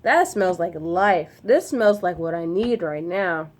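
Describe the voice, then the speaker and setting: A young woman in a casual unboxing vlog, talking in an excitable, emotional and slangy way, gushing with gratitude. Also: lowish voice, slow pace. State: throat dry. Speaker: vlogger unboxing gifts.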